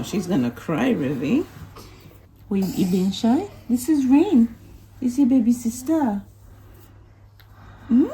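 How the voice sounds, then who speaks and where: A woman's voice: a little high, gravelly, dark tone, a little hiss or hum. A Caribbean woman in her thirties, born in Jamaica and raised in Anguilla, vlogging at home on a handheld phone, teasing her family and laughing often. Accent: Caribbean English. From Caribbean, born in Jamaica, grew up in Anguilla. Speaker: vlogger and mother. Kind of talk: casual family vlog. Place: at home indoors.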